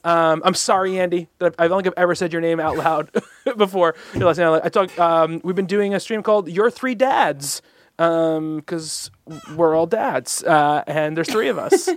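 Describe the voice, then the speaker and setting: A man's voice: a little high, normal speed. A young man hosting a podcast, chatting casually and rambling with many fillers and restarts. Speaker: podcast host. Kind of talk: casual chat.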